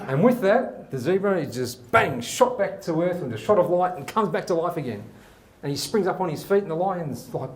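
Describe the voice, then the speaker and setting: This live comedy host's voice sits on the high side, animated and at normal speed, in an echoey studio with an audience present. His stand-up storytelling rambles along, chatty and full of fillers.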